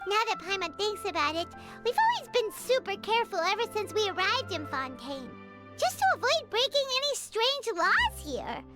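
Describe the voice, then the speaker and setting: A woman voicing a tiny, gluttonous, excitable female fairy companion who talks about herself in the third person. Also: extremely high pitch, normal speed. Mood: musing. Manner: speaks of herself in third person, whiny and bubbly. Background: game music.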